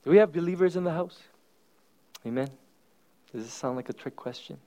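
A male pastor preaching a sermon at a church service, telling stories with swings between loud exclamations and hushed asides. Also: fairly high pitch, brisk.

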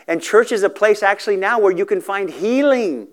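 Man, middle-aged, preacher, earnest storytelling, smooth resonant voice, slightly high. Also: animated, moderate pace, few pauses. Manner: earnest, emotional storytelling with quoted dialogue. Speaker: speaker for a recovery ministry. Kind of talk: sermon storytelling.

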